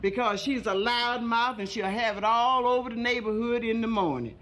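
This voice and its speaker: A woman's voice: a little high, moderate pace, fairly bright tone, lightly acted. A woman voicing a sassy, bawdy landlady who runs a rooming house, told to a live comedy club audience. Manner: sassy, brassy.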